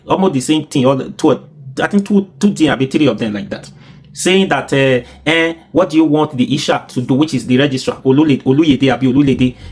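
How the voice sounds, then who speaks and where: Young Nigerian man, slightly raised pitch, breathy rasp, hammering points home in a heated vlog rant. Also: a little mellow. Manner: indignant, repeats himself for emphasis. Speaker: commentary vlogger. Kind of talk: ranting social commentary.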